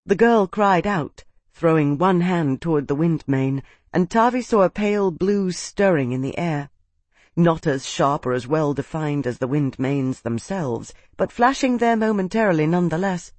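A man narrating a fantasy audiobook, with steady, vivid storytelling. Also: on the high side, no echo. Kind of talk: scripted narration.

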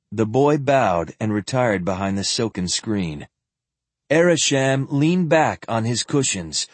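A man narrating a fantasy novel as an audiobook, expressive and acting out the dialogue. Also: medium pitch, measured pace, no room sound. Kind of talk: scripted narration.

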